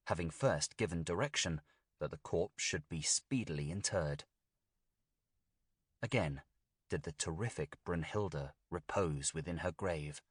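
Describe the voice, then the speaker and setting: A man narrating a gothic tale as an audiobook reading, in a steady, deliberate storytelling manner. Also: low voice, husky, no echo, studio quality.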